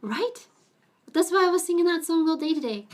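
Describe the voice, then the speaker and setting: A woman's voice: lively intonation, brisk. A young woman streaming from home, chatting casually with her viewers and talking to her pets now and then. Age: young adult. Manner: chatty, talks to her pets in a high baby voice. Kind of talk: casual livestream chat.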